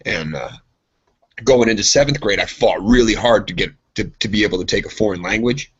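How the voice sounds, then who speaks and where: Husky, animated male podcast storyteller. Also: lowish voice, fairly quick. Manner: animated, acts out voices in his stories. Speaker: podcast co-host. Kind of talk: casual chat, storytelling. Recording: dull lo-fi podcast audio.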